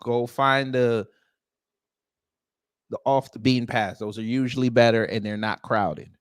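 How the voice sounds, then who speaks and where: A man's voice: mid-range voice, fairly even intonation, a little slow, no room sound, studio quality. A man hosting a casual reaction commentary, talking bluntly with exclamations and repeated phrases. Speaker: host commenting on a court hearing.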